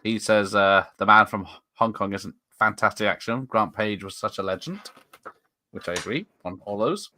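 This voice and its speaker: A man's voice: on the low side, moderate pace, bright, forceful tone, dry recording. A man hosting a casual interview over a video call, reacting with brief comments and reading out viewer messages. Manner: brief backchannels, laughs along. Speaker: interview host.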